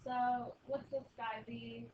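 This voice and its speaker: High-voiced encouraging woman teacher. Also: little pitch movement, slow pace, recorded from a distance. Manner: encouraging, coaxing students with questions. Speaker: math teacher. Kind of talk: classroom teaching. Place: classroom. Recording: echoey muffled room recording from afar, noisy.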